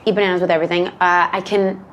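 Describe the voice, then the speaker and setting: A woman's voice: fairly low pitch, little pitch movement, quick pace, muffled recording, a little hiss or hum. A young woman in her twenties, a singer chatting as an interview guest, bubbly and giggly with lots of fillers, speaking outdoors. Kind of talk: casual interview chat. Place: outdoors in countryside.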